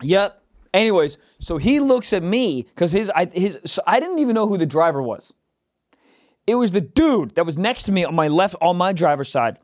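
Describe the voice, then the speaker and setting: A man co-hosting a podcast, telling stories in an animated, profane way and shouting out quoted lines. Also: high-pitched, normal speed, dry recording, clean studio sound. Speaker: podcast co-host. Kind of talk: casual comedic chat.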